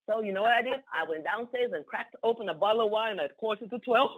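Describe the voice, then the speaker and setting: A woman's voice: a little high, noisy background. A woman giving an exuberant, repetitive testimonial on a conference call, laughing often. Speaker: team member sharing a testimonial. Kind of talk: excited phone testimonial. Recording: tinny phone line.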